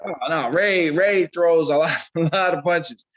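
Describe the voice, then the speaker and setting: A man, a boxing trainer, telling animated stories in a casual interview and repeating himself as he goes. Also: a little high, unhurried, dull audio. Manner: animated storyteller, repeats himself, acts out quotes.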